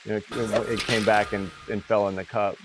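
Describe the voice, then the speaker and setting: A man's voice: lowish voice, flat delivery, normal speed, over music. A man hosting a casual livestream who laughs often and swears freely. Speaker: livestream host.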